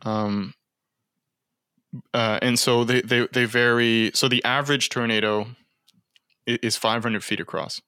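Bright-voiced man co-hosting a chat. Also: medium pitch, fairly even intonation, a little slow, pauses often, clean tone, dry recording, studio quality. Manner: hesitant, reads notes aloud. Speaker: podcast co-host. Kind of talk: casual chat.

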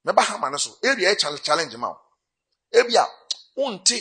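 A man's voice: sits high, sing-song, brisk, pauses often, sharp tone, husky. A man preaching a sermon with a Ghanaian accent, switching between Twi and English and rising into bursts of emphasis. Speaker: pastor.

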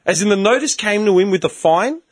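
A man's voice: high-pitched, animated, fairly quick, no echo. A man with an Australian accent, telling a story in casual chat as co-host, acting out the quoted voices and swearing freely. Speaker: podcast co-host.

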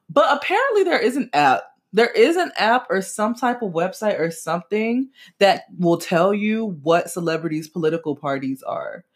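Young woman podcast host, blunt commentary, emphatic with sharp high jumps, slangy and swearing. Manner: casual slangy talk with swearing.

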